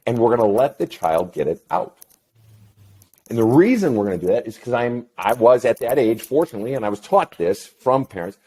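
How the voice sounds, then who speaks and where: A middle-aged man, a counselor talking as an interview guest, telling a story in a blunt, profane and animated way. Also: mid-range voice, fairly quick, husky. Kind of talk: casual interview chat.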